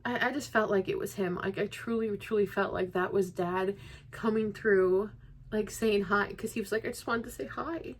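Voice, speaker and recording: Young woman vlogger, grieving, rambling and restarting a lot, near tears, medium pitch. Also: fairly even intonation, moderate pace, slight background noise. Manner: rambling, many likes and restarts. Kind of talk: casual personal vlog.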